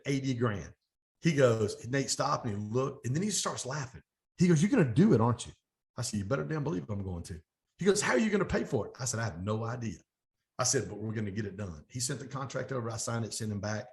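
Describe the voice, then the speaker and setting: Energetic middle-aged man telling stories. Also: on the low side, gravelly. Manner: energetic, fast storytelling with animated quoted dialogue. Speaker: podcast guest, coach. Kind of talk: storytelling interview.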